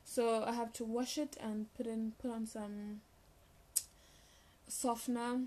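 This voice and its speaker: A woman's voice: a little high, slow. Chatty young woman. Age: young adult. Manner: rambling, animated storytelling with self-corrections and fillers. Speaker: vlogger. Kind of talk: casual chatty storytime vlog.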